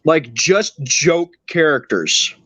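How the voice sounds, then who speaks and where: A man's voice: a little high, lively intonation, slow pace, fairly bright tone, slightly rough, no echo. A man hosting a podcast, telling a long story in casual chat with a rambling, teasing manner. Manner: rambling, teasing, restarts a lot. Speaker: podcast host.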